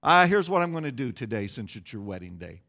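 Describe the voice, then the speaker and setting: A burly male state trooper with a gruff voice dropped low, as a preacher puts him on. He talks slowly and flatly in a dry deadpan, stern but quietly amused.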